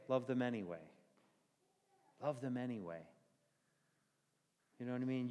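A male pastor delivers a folksy sermon with a lively, swinging pitch. His voice carries a long reverb, as if filling a church hall. He tells everyday stories in an animated way.

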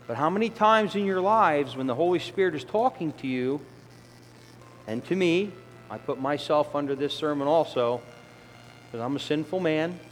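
A middle-aged man preaching a conversational sermon who acts out the voices of sinners and children. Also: on the high side. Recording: long hall reverb, faint ambience.

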